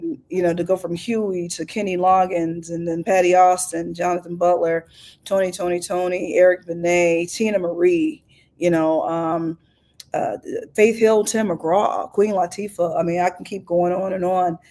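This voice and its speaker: A woman's voice: lowish voice, moderate pace. A middle-aged woman from Oakland, California, chatting as a singer guest in an interview, telling stories with many fillers. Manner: lively storyteller, many fillers. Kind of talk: casual interview chat.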